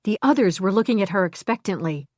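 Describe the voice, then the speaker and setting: A woman's voice: medium pitch, fast, dry recording. Woman narrating an audiobook, dry and close. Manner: clear, even storytelling with character voices.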